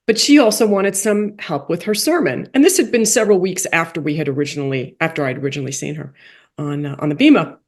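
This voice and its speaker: Animated woman telling a story. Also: fast. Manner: animated, acts out quoted dialogue with big pitch jumps; drops into soft, quiet asides. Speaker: guest, coach for rabbis and playwright. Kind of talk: storytelling in a podcast interview.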